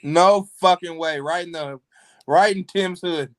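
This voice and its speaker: A man's voice: fairly high pitch, a little slow, fairly bright tone, no echo, clean studio sound. A man co-hosting a casual comedy chat, asking blunt questions and throwing in profane jokes. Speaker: comedy podcast co-host.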